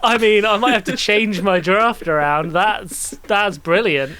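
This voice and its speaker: A man's voice: high-pitched, unhurried, bright, forceful tone, clean tone. A man co-hosting a podcast in casual chat, enthusiastic and laughing often. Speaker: podcast co-host.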